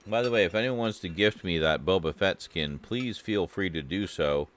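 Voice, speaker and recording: Man, Canadian accent, very low voice, rambling casual gamer chat, swears freely. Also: normal speed, fairly bright tone, a little hiss or hum. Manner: rambling, profane, self-mocking. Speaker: game streamer. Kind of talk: casual chat while gaming.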